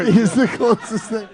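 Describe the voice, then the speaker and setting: Giggly high-voiced man telling a story. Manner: laughs through his story, giggly. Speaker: podcast host. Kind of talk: casual chat.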